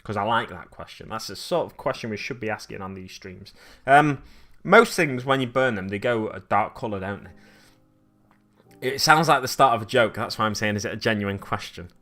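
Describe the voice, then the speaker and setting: A man's voice: on the low side, lively intonation, moderate pace, pushed and bright, faint music behind. A young Englishman from Oxfordshire, chatting casually on a live stream while painting miniatures, rambling and laughing as he answers viewers. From Oxfordshire, England. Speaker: hobby streamer.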